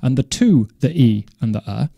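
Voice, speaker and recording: Guy explaining drum patterns step by step, mellow voice, dry close sound. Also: mid-range voice, expressive, gravelly, no room sound, highs cut off. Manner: measured, methodical, self-correcting. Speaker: drum teacher. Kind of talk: instructional explanation.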